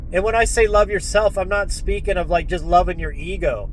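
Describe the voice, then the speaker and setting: A man with a high, steady voice speaks briskly on his own channel, the poor audio carrying slight background noise. His monologue to viewers is heartfelt and earnest, he keeps addressing them as folks, and at times he gets choked up.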